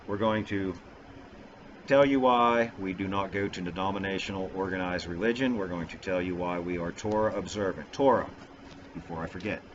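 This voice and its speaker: A man's voice: low voice, noisy background. Rambling goofy man on a vlog. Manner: rambling, goofy, self-deprecating. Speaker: vlogger. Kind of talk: casual religious vlog talk. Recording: dull lo-fi sound.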